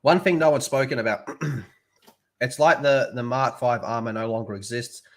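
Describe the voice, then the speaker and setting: A young Australian man chats crudely about a TV show he's reviewing on his live stream, peppering it with swearing and frequent laughter. He speaks in a mid-range voice at a moderate pace.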